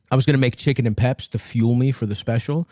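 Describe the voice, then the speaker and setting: A man in his thirties telling a story on a podcast in casual chat, profane and self-mocking, jumping into high voices for quotes. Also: steady tone, a little fast, mellow, no room sound, studio quality.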